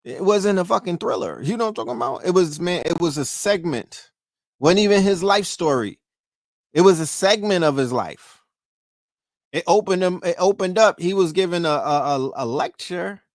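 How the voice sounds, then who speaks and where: Animated New York man, gravelly voice. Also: high-pitched, moderate pace, dry recording, studio quality. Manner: animated, profane, rhetorical questions to listeners. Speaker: podcast host. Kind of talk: casual livestream talk.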